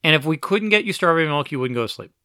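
A man telling stories about raising his child, animated and full of restarts, acting out quoted voices. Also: on the high side, racing, dry recording, clean studio sound. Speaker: parent telling family stories. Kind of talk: casual storytelling conversation.

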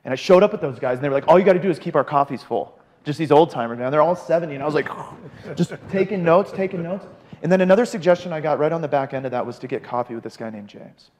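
A man's voice: on the high side, fast talker, in a large hall. A man telling his recovery story in a casual chat, acting out the people he quotes. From Arizona. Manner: animated, quotes people in voices. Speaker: podcast guest in recovery.

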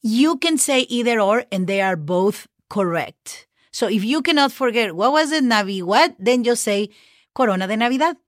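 A woman's voice: fairly high pitch, animated, normal speed, dry recording, clean studio sound. Mexican woman teaching Spanish words. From northern Mexico. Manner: spells words letter by letter, frequent okays and fillers. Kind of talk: casual podcast lesson.

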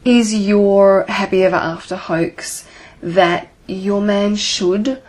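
A woman's voice: mid-range voice, steady tone, slow pace, a little mellow. A woman relationship coach talking to her listeners, asking earnest rhetorical questions and swearing now and then.

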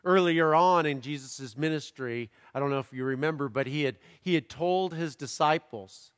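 A man preaching, reading a scripture passage aloud and pausing to comment on it in a slow, deliberate manner. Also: on the high side, fairly bright tone. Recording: long hall reverb.

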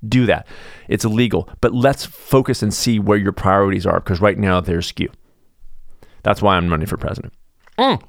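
A middle-aged man hosting a podcast, delivering an animated casual monologue, full of restarts, and mocking others in sudden high voices. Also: normal speed, vocal fry, dry recording, clean studio sound. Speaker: podcast host.

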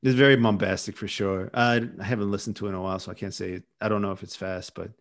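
A man's voice: lowish voice, flat delivery, fast. A man hosting a podcast, telling stories in a rambling, chatty way with lots of restarts. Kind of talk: casual chat.

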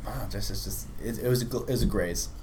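A man's voice: fairly low pitch, quick pace. Guy running a zombie rpg, stammers a lot, rambling, faint noise behind. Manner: rambling, stammering, animated voices. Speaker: game master. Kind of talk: narrating a tabletop horror game.

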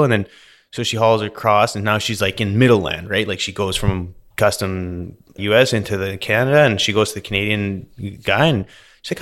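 Man, podcast co-host, casual storytelling, filler-heavy, fairly low voice. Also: fairly quick. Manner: animated, filler-heavy retelling with many "like"s.

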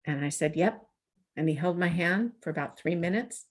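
A middle-aged woman telling a personal story in a conversational interview, lively and acting out the dialogue she quotes. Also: fairly low pitch, normal speed, slightly rough. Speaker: guest.

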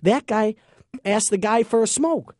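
A man's voice: high-pitched, a little slow, darkish tone, no room sound, studio quality. Chatty man telling a story. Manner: chatty, joking, self-censoring slang. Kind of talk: casual storytelling chat.

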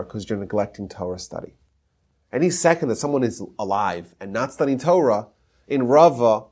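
A man giving a podcast lecture on Talmud history, teaching emphatically and mixing in Hebrew terms. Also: mid-range voice.

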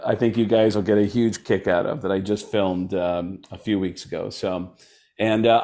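A man's voice: medium pitch, a little mellow. A man, a comedian guest on a podcast, chatting casually and rambling with many fillers and restarts.

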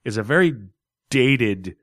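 Guy chatting about comics, animated, laughs a lot, dry close sound. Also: medium pitch, a little slow, no echo. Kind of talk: casual comic book review chat.

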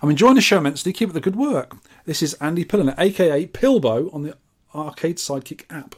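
Fairly high-pitched and husky, this man talks fast as he co-hosts a retro gaming podcast. He reads listener mail aloud and chats casually, tossing off dry, teasing, deadpan asides.

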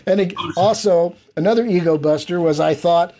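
Recalling a backstage moment as an interview guest, an event producer speaks at a normal speed in a mellow, slightly raised, rather high voice. He's expressive and animated, acting out quoted lines from others and from himself along the way.

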